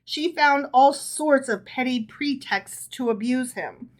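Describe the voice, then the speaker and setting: A woman's voice: high voice, takes it slowly. A woman co-hosting a podcast, reading stories aloud and chatting, checking in often. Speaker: podcast co-host. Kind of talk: reading aloud and casual chat.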